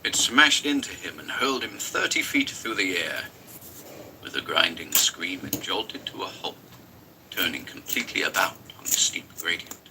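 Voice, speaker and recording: A man's voice: deep voice, lively intonation, moderate pace, background noise. A man reading a horror story aloud in an intense, dramatic narration. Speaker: story reader.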